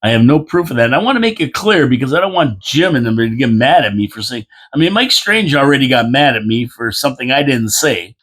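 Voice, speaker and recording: Guy rambling on his own show, repeats stuff, folksy, kinda tired and yawny, regular mid voice. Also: mid-range voice. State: tired, yawning. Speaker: local commentary host. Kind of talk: casual opinion monologue.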